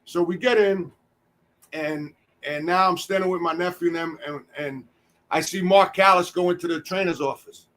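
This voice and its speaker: A man's voice: sits high, moderate pace. A man on a podcast telling a long, profane story in casual chat, acting out what people said. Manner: animated, profane, acts out quotes.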